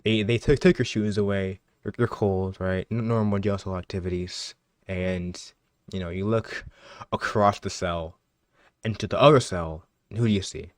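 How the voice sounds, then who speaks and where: A man's voice: sits low, normal speed, dry recording, studio quality. A young man co-hosting a podcast, spinning a comic made-up story with lots of laughing and stumbling restarts. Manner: animated storyteller, laughing often, many restarts. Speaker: podcast co-host. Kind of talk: casual chat, spinning a comic made-up scenario.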